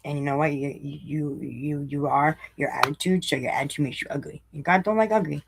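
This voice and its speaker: A woman with a low voice and vocal fry reads a daily recovery meditation aloud, interrupting with blunt, sarcastic asides and slowing to repeat lines for emphasis. Background noise can be heard.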